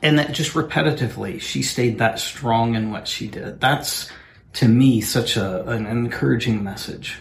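An earnest American man rambles through a relaxed conversation, restarting his thoughts as he goes. His voice sits at a middling pitch, and the recording has a noticeable roomy echo. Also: normal speed, gravelly. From United States. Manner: earnest, meandering, with frequent restarts. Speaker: podcast co-host and producer. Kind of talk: casual chat.

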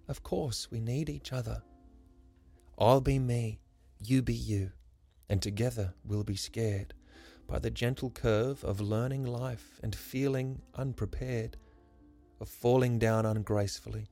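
A man's voice: medium pitch, dark tone. A man voicing a small, playful boy who is hurt and earnest, with a pleading, sing-song delivery in a rhyming story.

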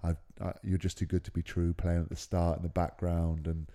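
Deep mellow man. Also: flat delivery, fairly quick, vocal fry. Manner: laid-back, chatty, matey. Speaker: podcast co-host. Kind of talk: casual storytelling chat.

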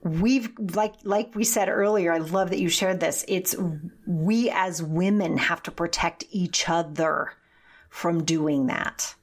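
A woman's voice: on the low side, slow pace. A woman guest on an interview podcast, talking emphatically and animatedly, with the odd swear word. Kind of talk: conversational interview.

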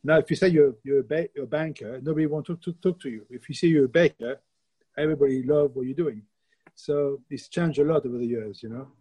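A man's voice: a little high, fast talker, dark tone, breathy edge, rough recording. A middle-aged man from France with a French accent, a baker telling laughing, plainspoken stories as a guest in a casual interview.

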